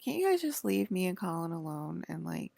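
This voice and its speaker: A woman's voice: lowish voice, big pitch swings, a little fast, gravelly, dark tone, dry recording. A woman vlogger in a rambling, profane, indignant monologue.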